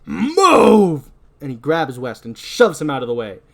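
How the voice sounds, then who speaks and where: A man hosting a podcast, recapping a movie scene by scene with animated storytelling and self-deprecating asides. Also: medium pitch, a little fast. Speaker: podcast host.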